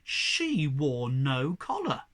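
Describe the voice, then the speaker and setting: A man reading a children's novel aloud as narrator, measured and expressive. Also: mid-range voice. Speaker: audiobook narrator. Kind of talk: storybook narration.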